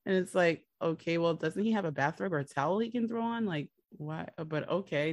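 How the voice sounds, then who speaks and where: Talking a little fast in a lowish voice, a podcast co-host recaps a drama series in casual conversation, recorded dry. She's an animated storyteller, voicing the people she quotes.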